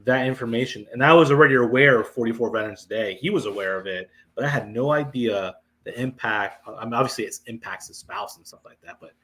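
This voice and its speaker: A man's voice: medium pitch, fast, hardly any pauses, fairly bright tone, poor audio. A man guest on a podcast, telling about his veterans' events in a hesitant way with many fillers. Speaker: guest, veterans foundation leader. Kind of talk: casual podcast interview.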